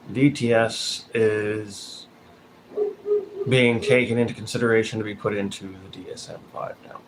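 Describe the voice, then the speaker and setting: A man giving blunt, profane commentary in a casual vlog, calling people out directly. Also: lowish voice. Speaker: vlogger. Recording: noticeable background noise.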